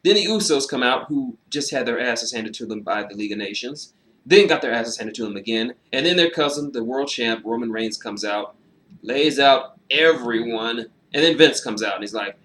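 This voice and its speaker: A man giving a casual, animated solo review of a wrestling show, sarcastic and swearing freely, with frequent fillers. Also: medium pitch, normal speed.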